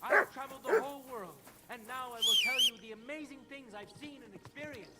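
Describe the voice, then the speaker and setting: An actor playing a boastful male traveler in a game who loudly proclaims his amazing tales. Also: very high-pitched, very animated, brisk. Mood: proclaiming. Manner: proclaiming, theatrical. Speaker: traveling storyteller.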